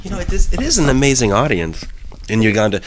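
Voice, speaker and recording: Man, film producer, enthusiastic interview talk, excitable, quick restarts. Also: mid-range voice, crowd noise.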